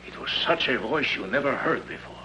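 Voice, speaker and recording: An earnest, devout shoemaker, bright voice. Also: male voice, mid-range voice, animated, a little fast, a little hiss or hum. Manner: earnest and pleading. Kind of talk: 1950s film acting.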